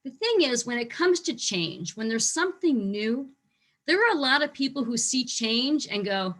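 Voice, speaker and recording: A woman with a somewhat high voice gives a short online lesson on facility management. She talks with lively energy and slips into quoted voices to show how staff react to change. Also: moderate pace.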